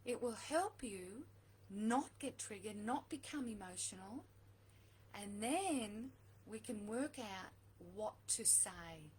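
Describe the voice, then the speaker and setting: This direct-to-camera relationship coach is a middle-aged woman with a medium-pitched, somewhat mellow voice, animated yet slow. She talks earnestly, restating key points for emphasis, over a rough recording with slight background noise.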